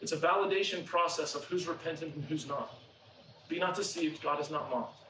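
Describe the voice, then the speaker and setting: A man's voice: a little high, a little fast, bright, forceful tone, echoey room, distant mic, a little hiss or hum, poor audio. A man preaching a sermon, telling a story conversationally and acting out what the people in it say. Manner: conversational storytelling, acts out quoted characters.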